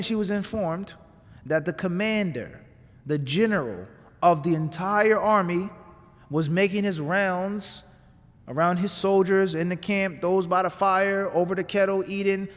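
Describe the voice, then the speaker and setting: High-pitched guy preaching, chatty storytelling, asks the crowd questions, lots of hall echo. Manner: conversational, asks the audience rhetorical questions. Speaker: imam giving a talk. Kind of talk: sermon storytelling. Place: mosque hall.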